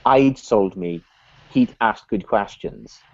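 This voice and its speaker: A man, a business consultant guest on a live video chat, telling lively anecdotes and acting out the voices of people in them. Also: lowish voice, slow, vocal fry, no echo, muffled recording. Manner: animated, acts out voices in his anecdotes.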